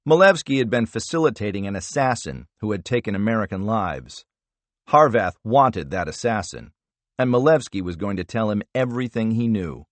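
Man narrating a thriller audiobook, lowish voice, lots of pitch movement, dry sound. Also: no room sound.

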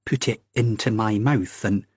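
A man voicing an anxious, earnest young Scottish man who talks in a halting, hesitant way, with a Scottish accent. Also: lowish voice, husky, no echo, studio quality. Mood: embarrassed, halting. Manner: hesitant, halting, drawn-out reasoning.

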